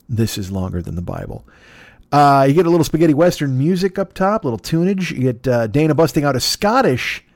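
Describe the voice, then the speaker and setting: A man's voice: mid-range voice, a little mellow, dry recording. A man hosting a comedy podcast, rambling and swearing in a self-deprecating monologue. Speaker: podcast host.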